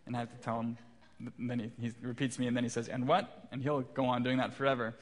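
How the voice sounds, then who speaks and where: Pastor dad telling a sermon story. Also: male voice, mid-range voice, little pitch movement, fast talker. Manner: warm storytelling with self-deprecating humor. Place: church sanctuary.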